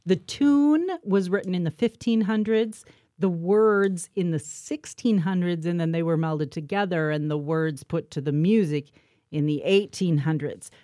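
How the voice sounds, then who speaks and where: A woman's voice: lowish voice, a little slow, dark tone, no echo, clean studio sound. A woman co-hosting a chatty faith talk show, explaining history with enthusiasm. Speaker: co-host. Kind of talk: casual chat.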